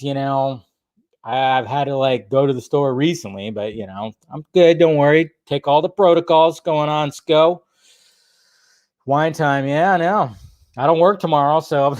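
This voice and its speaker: Young guy hosting a livestream, joking with chat, bit of a throaty cough, slightly high voice. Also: darkish tone, clean tone, no room sound, studio quality. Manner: chatty, greets viewers by name, jokey. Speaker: livestream host. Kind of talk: casual live chat. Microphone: desk microphone.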